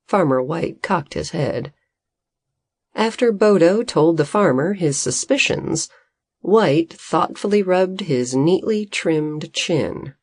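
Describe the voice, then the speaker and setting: A woman narrating a children's storybook in an expressive, unhurried manner. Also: low voice, slightly rough, dry recording. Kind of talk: storybook reading.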